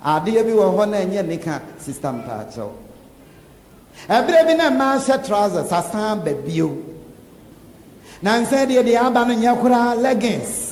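A man preaches with a high, lively voice that leaps up and down in pitch. His sermon rings through an echoey hall with a long reverb tail. Faint ambience hangs behind him. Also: moderate pace, slight background noise. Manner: animated, laughing, code-switching preaching.

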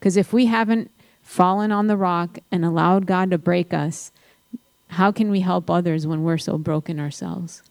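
A woman's voice: on the low side, steady tone, normal speed, creaky, darkish tone, no echo. A woman speaking earnestly about faith and love, preaching to listeners in a panel talk. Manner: earnest, exhorting. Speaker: Christian speaker.

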